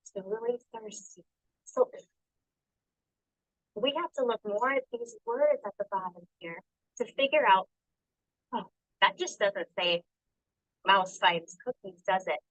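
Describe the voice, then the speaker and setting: A woman teacher reads a picture book with a class of young children, coaxing them with questions and stretching the words out slowly as she points to them. Her voice sits at a middle pitch. It is recorded dry and close, with almost no room sound. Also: lively intonation, a bit bright, no room sound, low-quality recording. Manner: coaxing, calls on children by name and asks questions.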